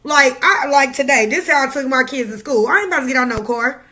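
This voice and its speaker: A woman's voice: high voice, fast talker, pushed and bright. A woman vlogging to camera, giving a raw, preachy pep talk straight to the viewer. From Midwest United States. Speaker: tarot reader vlogger. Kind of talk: casual motivational talk to camera.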